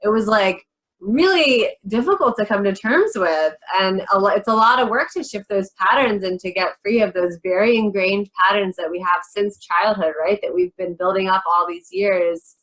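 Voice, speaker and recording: A woman's voice: mid-range voice, fairly bright tone, rough recording. A woman in her thirties hosting an interview, reflective and sharing personal stories. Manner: reflective, shares personal stories, quick asides. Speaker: interview host. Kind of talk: conversational interview.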